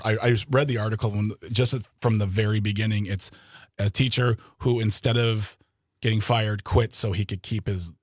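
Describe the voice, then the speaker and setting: A low-voiced man talks earnestly about politics on a podcast, often rambling and restarting his sentences. The recording is dry and close. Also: dry recording. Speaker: podcast co-host. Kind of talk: political discussion.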